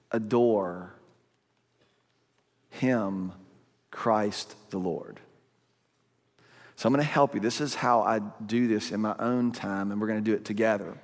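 A man preaching a sermon in a conversational, animated way, breaking into sudden loud bursts. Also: medium pitch. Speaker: pastor. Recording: long hall reverb.

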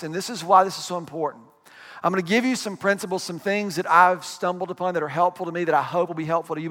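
High-voiced male pastor, conversational sermon. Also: sharp tone, big-room sound. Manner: conversational preaching with asides and quick acted quotes.

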